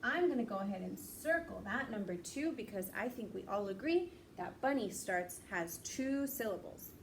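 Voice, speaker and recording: A young woman teaching young children, speaking slowly and clearly, patient and encouraging, stretching out each word. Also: mid-range voice, expressive, slight background noise.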